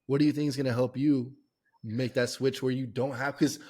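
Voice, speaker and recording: A man's voice: mid-range voice, fairly even intonation, brisk, darkish tone. A man hosting a podcast, asking long, rambling questions in a casual, enthusiastic way, full of "like" and restarts. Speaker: podcast host. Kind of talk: casual conversational interview.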